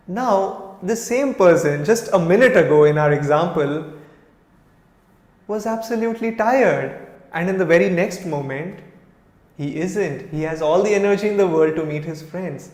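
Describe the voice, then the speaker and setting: A man's voice: sits high, normal speed, darkish tone. A man in his thirties with an Indian accent, a monk giving an informal spiritual talk, telling stories and acting out quoted lines with many "you know" fillers. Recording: echoey room with a long reverb.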